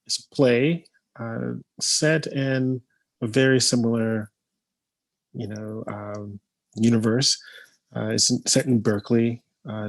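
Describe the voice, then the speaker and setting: A man, a playwright and teacher, talking casually and thoughtfully, pausing often with ums and uhs. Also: lowish voice, no echo. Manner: slow, thoughtful, with many hesitations. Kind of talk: casual conversation.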